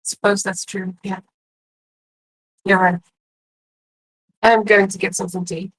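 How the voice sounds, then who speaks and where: A woman playing a tabletop game, speaking in character in a halting, stammering way. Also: mid-range voice, little pitch movement, a bit bright, breathy edge, rough recording. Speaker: tabletop player. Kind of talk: in-character roleplay.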